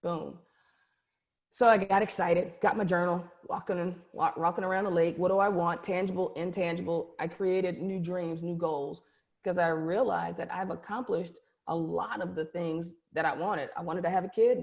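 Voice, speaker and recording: A middle-aged woman, a keynote speaker and coach from the United States, tells a personal story over a video call in an emphatic, animated way and often checks in with her listeners. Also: on the low side, normal speed, vocal fry.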